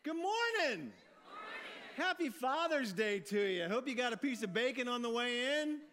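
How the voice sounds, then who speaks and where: Man, pastor preaching, high-pitched voice, folksy and upbeat, restarts phrases. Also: animated, moderate pace, a bit bright, a little hiss or hum. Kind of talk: sermon.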